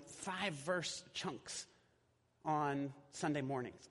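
A man's voice: sits high, fairly bright tone, husky. A man preaching a sermon in a church in a conversational way, with casual fillers. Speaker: pastor. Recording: echoey hall.

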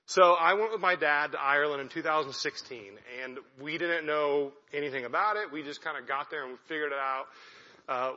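In a chatty talk before his church congregation, a young missionary keeps making light of himself. He has a slightly high, sharp-toned voice, and the sound is dull and lo-fi, echoing around the hall.

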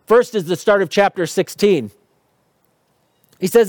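A man with a high, light voice delivers a teaching sermon, walking listeners through scripture and posing rhetorical questions. His tone carries light touches of humor, and the sound is dry and close with little room echo. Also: measured pace, long pauses, a little mellow. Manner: explanatory, asks rhetorical questions. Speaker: pastor.

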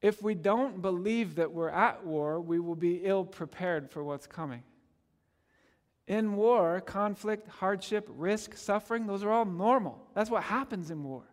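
Pastor, male, high voice, emphatic repetitive sermon delivery, reverberant sanctuary sound. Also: measured pace. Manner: emphatic, repetitive preaching cadence.

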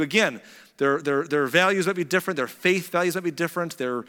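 Bright-voiced preacher in a reverberant hall. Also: male voice, a little high, fairly quick. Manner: animated storyteller, chatty asides. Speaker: pastor. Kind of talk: casual sermon retelling a Bible story.

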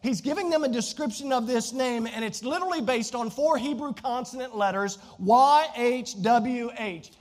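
A high, bright-pitched man with a Southern Virginia drawl preaches from the pulpit. He is animated and climbs to near-shouts when quoting scripture. His voice carries a long hall reverb around it. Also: normal speed, hardly any pauses. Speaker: pastor. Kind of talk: sermon.

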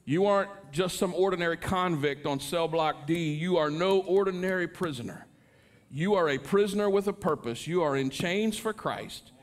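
Middle-aged preacher guy, high voice, earnest, gets fired up in spots. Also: moderate pace. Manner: earnest preaching, rising to impassioned pleas. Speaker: pastor. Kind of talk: sermon.

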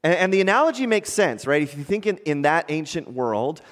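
A man preaching a sermon as a pastor, conversational and animated, often asking the congregation rhetorical questions. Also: a little high, brisk, big-room sound.

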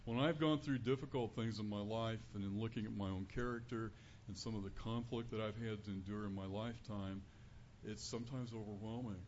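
A man giving an earnest, conversational sermon as a preacher in a church, building to louder emphasis on key points. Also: on the low side, fairly even intonation, brisk. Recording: dull lo-fi recording with faint room noise.

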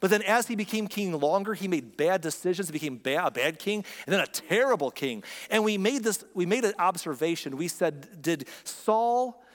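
A man's voice: sits high, animated, moderate pace, hardly any pauses, big-room sound. A man preaching a sermon in a conversational, emphatic way, full of rhetorical questions. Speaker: pastor.

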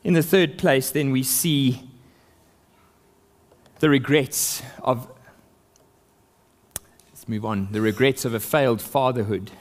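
A man's voice: mid-range voice, slow, pauses often. A man preaching an expository sermon, reading scripture aloud and building emphasis.

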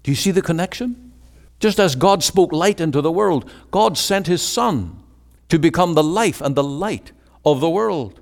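A man's voice: fairly high pitch, animated, moderate pace, vocal fry. A man preaching a sermon with an emphatic, rising and falling cadence. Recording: long hall reverb.

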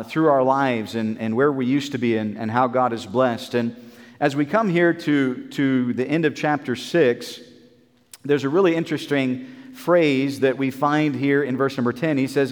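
A man's voice: mid-range voice, normal speed, big-room sound. A man preaching a Bible sermon in an earnest, repetitive way, with many fillers and restarts.

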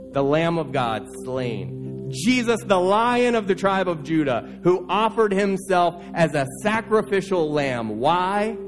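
A pastor preaching a sermon in an earnest, urging way, building through repeated phrases. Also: male voice, a little high.

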